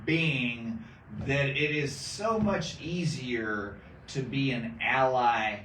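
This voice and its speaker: A male co-host speaks slowly and deliberately in a casual talk show. He sits well back from the mic, so the room rings around him with a faint hiss underneath. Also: medium pitch, a bit bright. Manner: slow, deliberate interjections. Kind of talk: casual chat. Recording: roomy, distant mic, faint noise.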